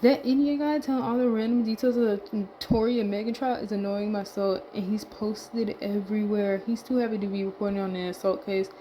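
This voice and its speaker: A woman of middling pitch reads tweets aloud for her vlog and comments between them. She talks loosely, trailing off, muttering and swearing under her breath, and sounds a little winded. A faint background hiss sits under her voice. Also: steady tone, fairly quick, hardly any pauses, mellow, rough recording. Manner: laid-back, muttering asides and swear words, trailing off. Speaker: vlogger reading tweets aloud. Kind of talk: casual commentary reading tweets.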